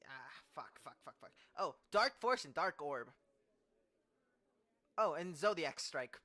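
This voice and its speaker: A man's voice: a little high, animated, slow pace, bright, forceful tone, dry recording. A young man running a tabletop game as game master, casual and swearing, stumbling over words. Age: young adult.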